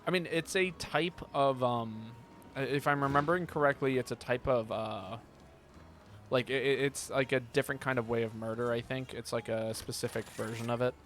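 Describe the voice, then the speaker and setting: A man's voice: medium pitch, moderate pace, a little hiss or hum. Casual man streaming a game. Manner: relaxed, joking, reads chat aloud. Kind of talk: casual gameplay chat with viewers.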